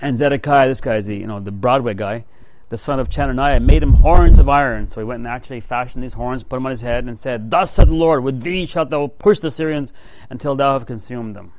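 Male Bible teacher, mid-pitched, reads verses and then riffs casually, dry close sound. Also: no echo, low-quality recording. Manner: reads scripture then comments conversationally; frequent "you know" and "right?" asides.

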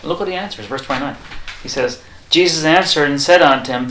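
A man preaching a sermon, reading scripture aloud and acting out the quoted lines in a lively way. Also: fast, roomy sound, a little hiss or hum, low-quality recording. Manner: animated, acts out quoted lines with rising pitch; reads scripture aloud in King James wording.

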